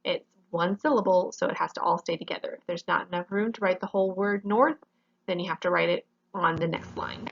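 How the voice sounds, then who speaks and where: A woman's voice: lowish voice, fairly even intonation, a little fast, creaky, dull audio. A woman teaching a grammar lesson in a classroom, explaining each rule step by step and often checking with "okay?".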